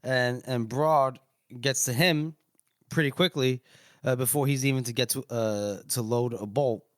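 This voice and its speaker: A man with a steady, medium-pitched voice talks a little slowly in studio-quality audio free of room sound. He's a podcast co-host recapping chapters, loosely rambling through the story with crude swearing.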